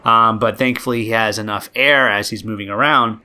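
A man's voice: lowish voice, steady tone, brisk, sharp tone. A man hosting a podcast, telling a true story casually and rambling with many ums and uhs. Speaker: podcast host.

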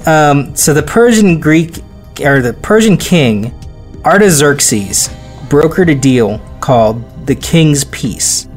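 This podcast host's voice sits on the high side, expressive and slow, as he turns history into a casual, joking story chat. He breaks into silly voices and frequent laughter over faint background music.

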